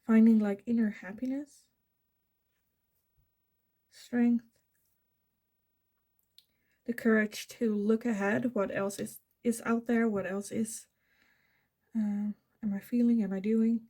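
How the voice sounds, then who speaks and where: Speaking slowly and pausing often, a woman in a slightly high, steady voice gives a pick-a-card tarot reading. She's a tarot reader from the Netherlands with a Dutch accent. She thinks aloud, corrects herself, and leans on soft fillers.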